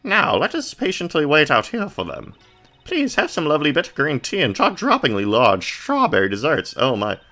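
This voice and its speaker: A man's voice: fairly high pitch, wildly swooping pitch, moderate pace, pushed and bright, voice pushed up, full character voice. Man doing a prim old auntie, raised voice, formal and stiff. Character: stern older woman, a formal head of the family.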